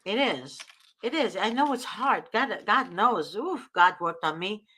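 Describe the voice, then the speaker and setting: Woman host, mid pitch, earnest and preachy, casual advice talk. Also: expressive, measured pace, pushed and bright, husky. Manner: earnest, preachy, often invoking God.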